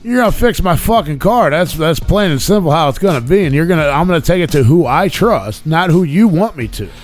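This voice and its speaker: A man's voice: on the high side, expressive, a little fast, soft background music. Joking, foul-mouthed man co-hosting. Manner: profane, joking, laughs often. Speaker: podcast co-host. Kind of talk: casual chat.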